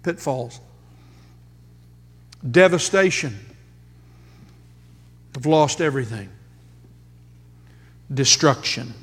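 A male pastor preaching a sermon, emphatic, with dramatic pauses and rhetorical questions, in a church sanctuary. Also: mid-range voice, animated, fairly bright tone, breathy edge. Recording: long hall reverb.

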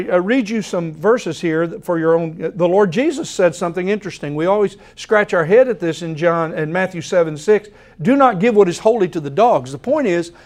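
High-pitched guy preaching in church, earnest and emphatic, keeps restarting phrases. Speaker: pastor. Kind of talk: sermon.

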